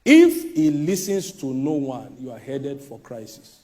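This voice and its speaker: A man preaching a sermon, emphatic, swinging from loud shouts to low asides and mimicking people mid-sermon. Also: huge pitch swings, measured pace.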